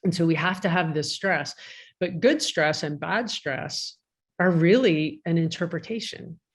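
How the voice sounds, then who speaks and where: Woman on a video call, sports psychologist, chatty lecture, animated, restarts a lot. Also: on the low side, unhurried, breathy edge. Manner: animated, many restarts and "right?" tags. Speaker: guest speaker, sports psychologist.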